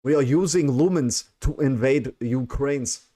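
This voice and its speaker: A man's voice: medium pitch, a little slow, warm tone, lightly acted. A man putting on an exaggerated Russian accent, blustering and boastful. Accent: put-on Russian.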